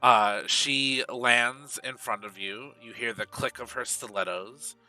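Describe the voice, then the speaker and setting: A man narrates a tabletop game as its game master, describing scenes in detail. His tone is very bright, and he speaks slowly, with frequent pauses and fillers. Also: mid-range voice, fairly even intonation, far from the mic.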